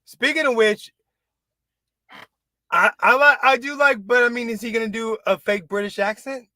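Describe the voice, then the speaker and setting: A man hosting a casual pop culture chat, rambling and excitable, restarting his sentences and swearing freely. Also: very high voice, moderate pace, no echo. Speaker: podcast host.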